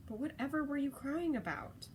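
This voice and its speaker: A woman's voice: high voice, expressive, moderate pace, slight background noise, pitched above the performer's own voice. A woman voicing a prim, loving elderly great-aunt who scolds and comforts by turns. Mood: pleading. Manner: prim, scolding then tender.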